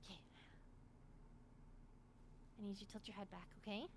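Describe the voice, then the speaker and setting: A woman's voice: mid-range voice, little pitch movement, moderate pace, slight background noise. A woman improvising a healer in a roleplay, anxious and apologetic, stammering and repeating herself. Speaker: roleplay streamer playing a healer.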